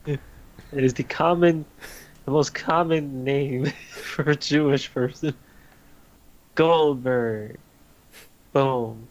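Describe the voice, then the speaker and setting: A man's voice: medium pitch, takes it slowly, pauses often, poor audio. A man co-hosting a wrestling podcast in casual chat, laughing often and acting out what people said. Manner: laughs often, acts out quoted voices. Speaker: podcast co-host.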